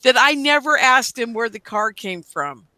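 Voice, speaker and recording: Casting: woman, animated storyteller with a bright, dry studio sound. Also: on the high side, moderate pace, no room sound. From Portland, Oregon. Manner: animated storyteller, acting out quotes. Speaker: guest. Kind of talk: storytelling in conversation. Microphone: studio mic.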